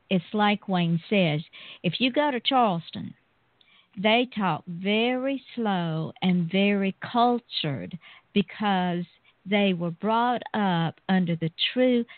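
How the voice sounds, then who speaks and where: Female host, unhurried and drawn-out, dry sound over a phone line. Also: mid-range voice, no room sound. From Southern US. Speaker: interview host. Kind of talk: casual interview chat.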